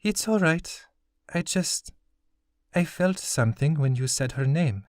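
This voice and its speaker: A man doing a soft, haunted young woman. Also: a little high, lively intonation, no room sound, studio quality, voice pushed up. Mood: haunted, halting. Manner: halting, breaking off mid-sentence.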